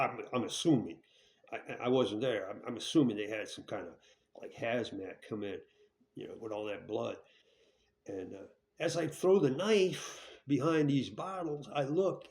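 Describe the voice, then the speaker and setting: With a mid-range, slightly mellow voice, this man candidly recounts a difficult episode from his past. He is blunt and profane, wanders off track, starts sentences over, and keeps tagging on "right?".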